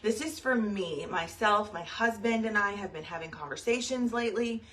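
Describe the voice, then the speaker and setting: A woman's voice: medium pitch, normal speed, a bit bright, distant mic, a little hiss or hum. A young woman, a pregnant team leader, talking casually and rambling to her team on a live video, saying y'all with lots of fillers. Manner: chatty and rambling, says y'all, frequent fillers. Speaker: direct sales team leader.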